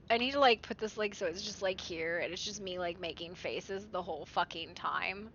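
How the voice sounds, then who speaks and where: A woman's voice: lowish voice, normal speed, few pauses, a bit bright, breathy edge, no room sound, muffled recording. A young woman streaming a game, chatting casually, swearing and reading game text aloud. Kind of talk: game live stream commentary.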